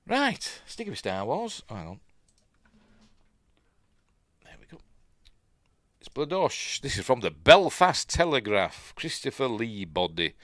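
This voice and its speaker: A man's voice: medium pitch, huge pitch swings, slow pace, long pauses, a bit bright, no room sound. A man with a Yorkshire accent hosting a casual live-stream news chat, rambling into asides and chuckling to himself.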